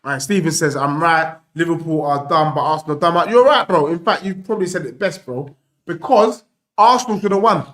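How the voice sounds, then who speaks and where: A young man hosting a live football watchalong, bantering excitedly and reading out viewer messages. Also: on the high side, fairly quick. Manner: excitable, animated banter, reads out super chats.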